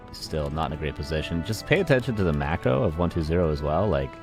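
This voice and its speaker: Male esports caster with a very deep voice, chatty play-by-play over game music. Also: sing-song, fast talker. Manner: chatty, talks to the chat and laughs at himself. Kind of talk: live play-by-play game commentary. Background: game music and sound effects.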